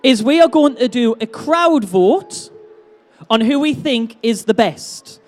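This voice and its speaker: A man hosting a fan convention stage, loud and playful as he banters with the crowd and runs a giveaway. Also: very high voice, expressive, slow, soft background music. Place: big indoor convention hall stage.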